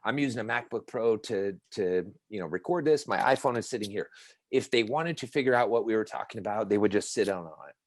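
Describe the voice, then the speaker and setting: A man's voice: lowish voice, fairly quick, dry recording. A man in casual podcast chat, talking in an emphatic, profane, ranting way.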